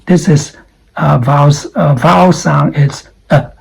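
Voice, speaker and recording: A man teaching English pronunciation, repeating each word slowly as a drill. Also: a little high, vocal fry, slightly rough, rough recording. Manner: slow, repeats words for drills. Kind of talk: pronunciation lesson.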